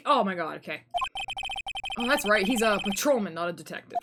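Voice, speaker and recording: A woman streaming a blind playthrough, reacting excitably with swearing and jokey asides while reading dialogue aloud. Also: mid-range voice, a little fast, long pauses. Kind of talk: casual gameplay commentary, reading dialogue aloud. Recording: game music in background.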